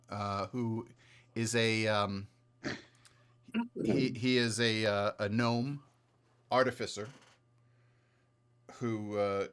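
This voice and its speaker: A man narrating a tabletop role-playing game as game master, halting with many fillers and restarts. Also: on the low side, fairly bright tone.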